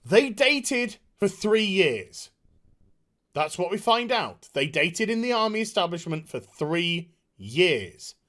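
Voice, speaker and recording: A video reviewer ranting through a TV episode review, sarcastic and profane, exasperated, sometimes shouting and mocking characters in put-on voices. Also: mid-range voice. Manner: shouts at times.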